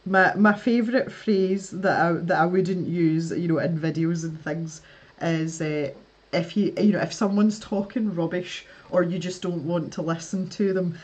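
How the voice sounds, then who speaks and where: Chatty Scottish woman with a lowish voice. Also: fairly even intonation, unhurried, few pauses. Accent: West Coast Scottish, softened. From West Coast of Scotland. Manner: chatty, laughs often, many restarts and fillers. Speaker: art livestream host. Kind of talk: casual chat reading live comments.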